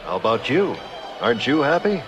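A reassuring warrior prince hero, 1980s cartoon, expressive delivery. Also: male voice, mid-range voice, fairly quick, vocal fry. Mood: gentle farewell. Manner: steady, reassuring. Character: heroic muscular male warrior prince, steadfast. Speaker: animated film character. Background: film score.

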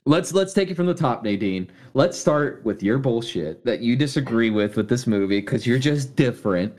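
A man's voice: mid-range voice, lively intonation, moderate pace, a little mellow. A man co-hosting a casual movie review podcast, teasing and swearing freely. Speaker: podcast co-host.

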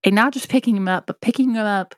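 A woman co-hosting a podcast in casual chat, talkative and quick to laugh. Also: mid-range voice, no room sound, studio quality. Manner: chatty, laughs often, quick asides. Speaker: podcast co-host.

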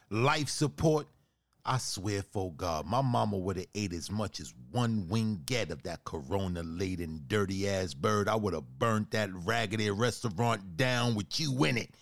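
A man's voice: lowish voice, measured pace. A man ranting profanely and indignantly as a wronged customer in a comedy sketch. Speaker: podcast host.

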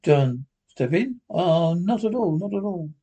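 A man's voice: sits high, lively intonation, measured pace, warm tone, breathy edge, exaggerated voice. A man reading the part of a nervous, secretive husband who keeps repeating himself anxiously. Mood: tense.

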